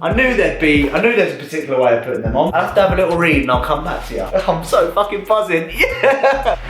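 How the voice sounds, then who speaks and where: A young man vlogging casually, rambling with excitement and swearing freely. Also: on the high side, very fast, over music. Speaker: fitness vlogger. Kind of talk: casual vlog chat. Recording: roomy echo, faint noise.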